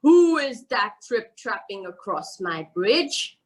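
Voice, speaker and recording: A woman voicing a mean, hungry old male troll in a children's story, speaking loud and gruff. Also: mid-range voice, sing-song, slow pace.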